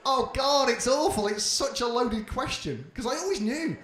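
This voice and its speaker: This British comedian has an extremely high-pitched voice and a moderate pace. He works a club stage, swearing and brash, animatedly spinning his stories while the room echoes around him.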